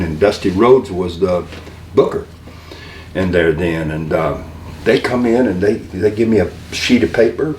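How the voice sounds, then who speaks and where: A man's voice: lowish voice, darkish tone. An older man, a guest in an interview, telling rambling, folksy stories about his career and often starting his sentences over. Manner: rambling, folksy, with many restarts. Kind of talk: storytelling interview. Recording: distant, echoey room with faint hum.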